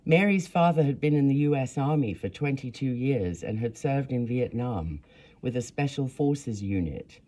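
Brief: earnest memoir narrator with a lively, rising and falling voice, steady reading. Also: mid-range voice, normal speed. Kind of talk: first-person memoir reading.

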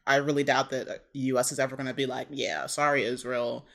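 A woman's voice: very deep voice, level tone, rapid-fire. A woman co-hosting a casual podcast chat, talking hesitantly with lots of fillers and trailing off. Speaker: podcast co-host.

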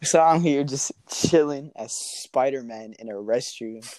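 A man's voice: mid-range voice, a little slow, a little mellow, slight background noise. Laid-back young man telling a story. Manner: laid-back, slangy, laughs often. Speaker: guest. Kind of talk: casual storytelling.

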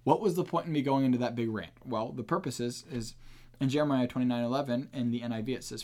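A man's voice: medium pitch, fast talker, dark tone. A man hosting a podcast and teaching on the Bible in an earnest, emphatic, casual way.

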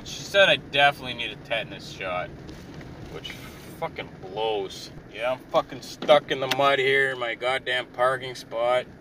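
A man's voice: medium pitch, normal speed. A man ranting in a frustrated, profane and rambling way while driving and parking his car. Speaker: vlogger. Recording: distant mic with clear car road noise.

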